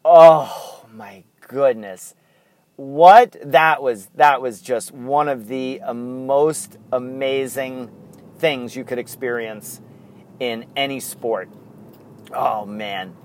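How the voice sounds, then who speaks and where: A middle-aged man, co-hosting a casual podcast and telling rambling stories in excited bursts. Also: mid-range voice, slow pace. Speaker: podcast co-host. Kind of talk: casual chat.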